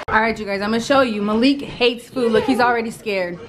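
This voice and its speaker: A woman's voice: on the high side, a little fast, hardly any pauses, music in the background. A young woman vlogging casually at home as a mother, chatting to the camera. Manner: chatty, doting baby talk to her sons. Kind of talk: casual vlog chat. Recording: clearly audible background noise.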